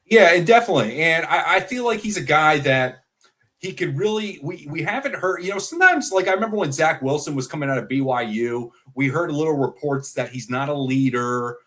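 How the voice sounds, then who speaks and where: A man co-hosting a casual football talk show, talkative and animated with frequent fillers. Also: a little high, brisk. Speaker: sports podcast co-host.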